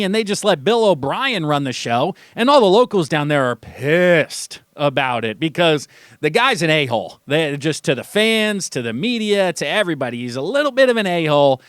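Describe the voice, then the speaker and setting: A young man runs a sports radio monologue in a high, lively voice, poking fun at what he reports. He talks casually in a radio studio, and his voice sounds close and dry. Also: no room sound. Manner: animated, mocking, acts out quotes in a high voice.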